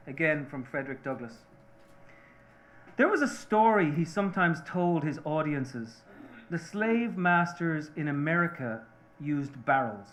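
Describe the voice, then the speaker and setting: A male author reads a passage from his novel aloud. His delivery is slow and measured, and his voice sits slightly high. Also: fairly bright tone, slight background noise.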